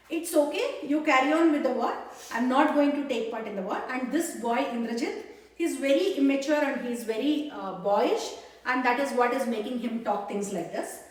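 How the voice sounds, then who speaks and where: A woman casually retelling an epic to a child, halting, with many fillers and restarts. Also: high-pitched, lively intonation. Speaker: storyteller. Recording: echoey room, mic far off.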